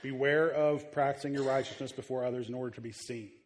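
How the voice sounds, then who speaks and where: A man preaching to his church in an easygoing, halting manner, often stopping and restarting mid-thought. His voice sits at an ordinary middle pitch. Long reverb from the large hall trails after his words. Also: steady tone, slight background noise. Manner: conversational, halting with many fillers and restarts. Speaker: pastor. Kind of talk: sermon. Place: church sanctuary.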